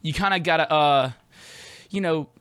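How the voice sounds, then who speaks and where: A man's voice: on the high side, normal speed, a bit bright, clean tone, no echo. A young man hosting a podcast, laid-back and slangy, swearing freely in casual chat. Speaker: podcast host.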